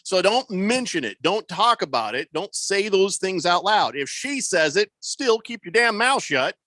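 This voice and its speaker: A man's voice: high voice, very animated, a little slow, sharp tone, no echo. A man hosting a sports radio show, giving joking, mock-authoritative advice in casual studio banter.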